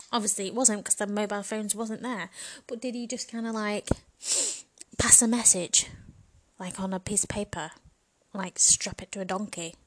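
A woman in a frank, bawdy comedic monologue, chatting casually and laughing often. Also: mid-range voice. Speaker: vlogger.

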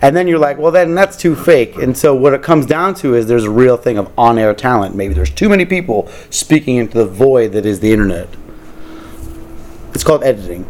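A man's voice: medium pitch, lively intonation, a little fast, darkish tone. A man co-hosting a casual podcast, joking and rambling with some swearing. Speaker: podcast co-host.

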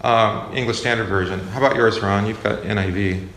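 Casual Bible study leader, a man with a low, gravelly voice, echoey room. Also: steady tone, a little fast, a bit bright. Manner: conversational, self-correcting, asks the class questions. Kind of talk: informal classroom teaching. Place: classroom or church meeting room. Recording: echoey room with faint noise.

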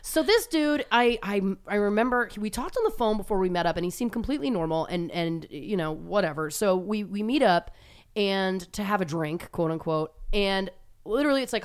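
A woman from Toronto tells a dating story in casual podcast chat. She is animated and self-deprecating and laughs often. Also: medium pitch, fairly quick, clear, resonant tone. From Toronto, Canada.

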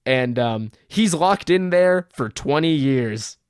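A man's voice: medium pitch, expressive, takes it slowly, clean tone, dry recording, studio quality. A man recapping a movie plot on a podcast in casual chat, blunt, profane and sarcastic. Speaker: podcast co-host reviewing a movie.

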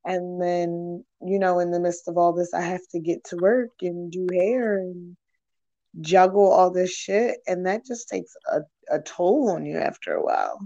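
A woman's voice: fairly low pitch, a little slow, warm tone, highs cut off. A young woman hosting a candid podcast chat, talking frankly and with lots of swearing, rambling through her thoughts with many fillers. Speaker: podcast host.

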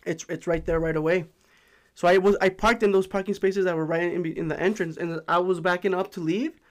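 Fast-talking, rambling man on a podcast. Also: high voice, fairly even intonation. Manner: rambling storyteller, many fillers. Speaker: podcast host. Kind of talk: casual chat.

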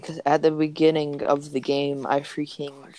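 A man's voice: fairly high pitch, monotone, moderate pace, darkish tone, a little hiss or hum. A young man co-hosting a gaming podcast, chatting casually and joking around while he plays. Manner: goofy, joking, rambling. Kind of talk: casual gameplay chat.

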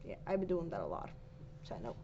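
A woman's voice: on the low side, sing-song, fast talker, gravelly, mellow. A young woman chatting casually with a friend, giggly and rambling, often restarting her sentences. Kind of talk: casual chat. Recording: dull lo-fi sound with faint background noise.

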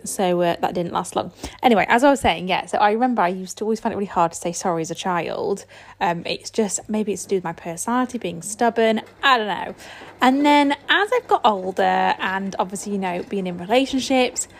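A woman's voice: on the low side, a little hiss or hum. Chatty woman podcasting from home. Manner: chatty and candid, many fillers. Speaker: podcast host. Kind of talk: casual solo podcast chat. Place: home, feeding a baby. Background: household sounds, washing machine.

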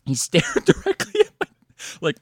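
A man telling a story in casual chat, animated and full of swearing, likes and restarts. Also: moderate pace, dry recording.

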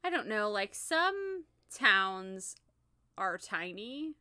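A young woman co-hosting a podcast, chatting casually with quick, joking reactions. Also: medium pitch, sing-song, sharp tone, clean tone, no room sound, studio quality. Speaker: podcast co-host. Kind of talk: casual chat.

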